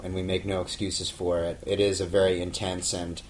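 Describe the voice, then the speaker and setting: Man, lowish voice, middle-aged, playful podcast co-host, brisk. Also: level tone, slight background noise. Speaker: podcast co-host, show writer. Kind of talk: casual podcast chat.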